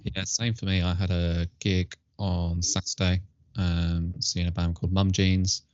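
A man co-hosting a podcast in casual chat, relaxed and self-deprecating. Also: deep voice, unhurried, no room sound. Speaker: podcast co-host. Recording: dull lo-fi audio.

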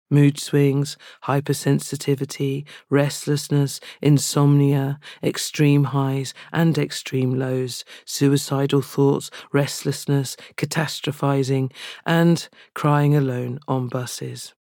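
Male poet, confessional spoken word, slow and level, dry close sound. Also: on the high side, vocal fry, no room sound. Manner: slow, even, intimate delivery.

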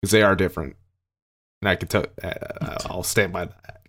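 Man, casual chat, laid-back, agreeable, lowish voice. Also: steady tone, moderate pace, pushed and bright, slightly rough.

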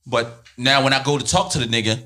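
A man hosting a casual podcast conversation, talking over others to finish his point. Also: medium pitch. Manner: fast, forceful, talks over others. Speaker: podcast host.

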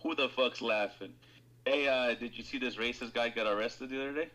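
A man's voice: medium pitch, steady tone, a little fast, bright, forceful tone, low-quality recording. A man in casual chat as a podcast co-host, rambling, swearing and laughing a lot.

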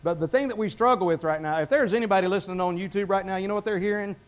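Male pastor, high voice, conversational sermon delivery, quizzes the congregation. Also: rapid-fire. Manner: conversational, asks the congregation questions. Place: church.

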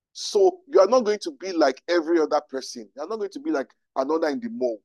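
A man, a pastor teaching to a live audience with animated rhetorical questions. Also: fairly high pitch, moderate pace, long pauses, dry recording, muffled recording. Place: room with an audience.

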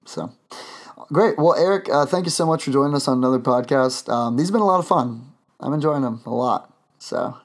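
A man's voice: mid-range voice, fairly quick. A man hosting a podcast, chatting casually and rambling with lots of fillers and restarts. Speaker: podcast host.

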